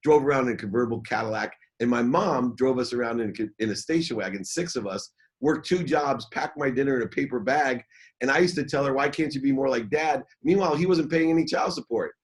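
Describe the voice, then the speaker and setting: Candid middle-aged man telling his story. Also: medium pitch. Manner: candid, halting repetitions. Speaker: guest. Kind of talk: personal storytelling in interview.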